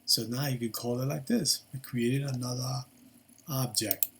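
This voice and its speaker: A man's voice: mid-range voice, fairly even intonation, unhurried, vocal fry, fairly bright tone, a little hiss or hum. An older man giving a casual programming lesson while he works at his computer, thinking aloud with lots of fillers and restarts. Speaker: programming tutor. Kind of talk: casual screen-recorded coding lesson.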